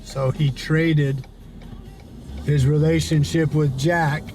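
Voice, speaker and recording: Measured man in his sixties. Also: a little high, little pitch movement, darkish tone, soft background music. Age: 60s. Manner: measured and reflective, with hesitant pauses. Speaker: stepfather interviewed in a documentary. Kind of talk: documentary interview.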